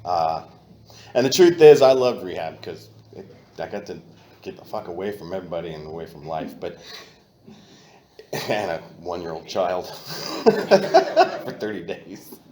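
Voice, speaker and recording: Low-voiced man telling his recovery story. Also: sing-song, unhurried, echoey room, slight background noise. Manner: candid and profane, flares loud when reenacting. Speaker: AA meeting speaker. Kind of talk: personal recovery talk. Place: meeting room.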